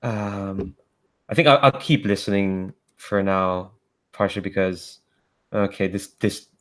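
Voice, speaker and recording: A man playing a tabletop role-playing game, describing his character with many pauses and fillers. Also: sits low, fairly even intonation, fairly bright tone. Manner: hesitant, filler-heavy. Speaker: player. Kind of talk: casual tabletop play.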